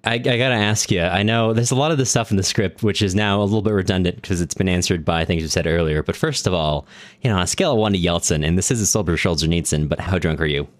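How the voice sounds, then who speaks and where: A man with a very low, deep voice co-hosts a casual book podcast. His sound is dry and close, with no room echo. He tells dry jokes and laughs often. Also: fast talker. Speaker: podcast co-host. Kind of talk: casual book-club chat.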